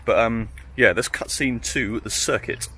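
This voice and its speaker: A man's voice: medium pitch, a little slow. A young man, talking casually to the camera in a rambling vlog full of fillers and restarts. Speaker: vlogger.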